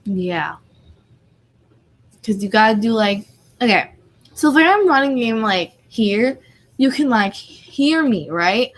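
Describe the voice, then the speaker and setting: A woman's voice: a little high, sing-song, slow, long pauses, rough recording. A woman co-hosting a tabletop gaming podcast, giggly and scattered, full of "like". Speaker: podcast co-host and convention game master. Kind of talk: casual chat.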